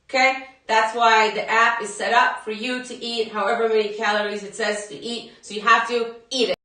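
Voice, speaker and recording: A woman's voice: fairly high pitch, little pitch movement, normal speed, few pauses, bright, forceful tone. A woman fitness instructor chatting to viewers during a live workout class, laughing often and talking straight to them. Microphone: phone at a distance. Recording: echoey room, phone mic far off.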